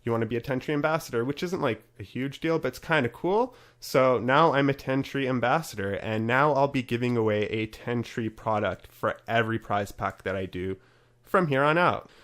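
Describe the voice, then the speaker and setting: A man's voice: mid-range voice, moderate pace, a bit bright. A man hosting a casual podcast, chatty and upbeat as he runs through promos and talks with his guest. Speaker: podcast host.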